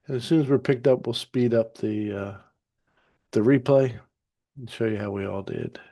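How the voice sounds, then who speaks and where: A man calmly narrating a trade replay as a trading teacher, easygoing and explanatory with some fillers and restarts. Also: mid-range voice, moderate pace. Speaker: trading educator. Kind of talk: narrated chart walkthrough.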